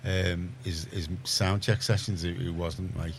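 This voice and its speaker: A deep-voiced middle-aged man with a Liverpool accent chats on a community radio show. He rambles and restarts his sentences, then gets emphatic on points he cares about. A light background hiss sits under the studio sound. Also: flat delivery, measured pace. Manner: rambling, self-correcting, gets heated and emphatic. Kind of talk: casual radio chat.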